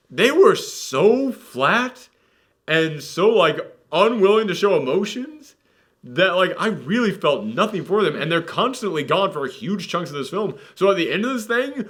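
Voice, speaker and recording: A man hosting a casual film review podcast, talking in an animated, sarcastic and mock-dramatic way. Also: sits high, unhurried.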